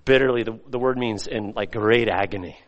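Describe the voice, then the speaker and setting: A male pastor preaching a sermon, swinging between loud, rising emphasis and soft, hushed lines. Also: fairly low pitch, a little fast, muffled recording. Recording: long hall reverb.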